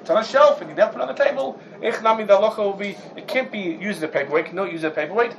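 Man, raised pitch, animated Talmud class lecturer. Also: rapid-fire, a little hiss or hum, poor audio. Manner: animated, rhetorical questions, mixes Hebrew and Yiddish terms. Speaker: Torah class teacher.

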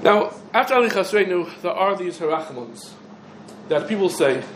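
Man, halacha lecture, asks and answers his own questions, slightly high voice, roomy echo. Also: expressive, normal speed, a bit bright, a little hiss or hum. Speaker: Torah teacher. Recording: echoey room with faint ambience.

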